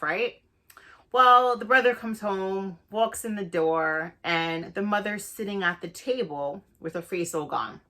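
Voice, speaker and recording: A woman chats casually as she retells gory film scenes. Her tone is bright and forward, her voice sits a little low, and she fills her sentences with "like" and "you know". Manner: animated, filler-heavy storytelling with many "like"s. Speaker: horror channel host. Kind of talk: casual chat.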